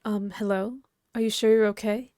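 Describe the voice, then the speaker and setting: A woman voicing a calm ghost girl who is part frog, speaking flat and quiet while reading a webcomic aloud. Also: mid-range voice, normal speed, no room sound, studio quality, close to an everyday voice. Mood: deadpan.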